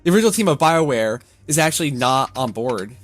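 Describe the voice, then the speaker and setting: Brief: male co-host, hesitant, stops and restarts, mid-pitched, faint music. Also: animated, fast. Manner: hesitant, many fillers and restarts. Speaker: podcast co-host. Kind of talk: casual chat.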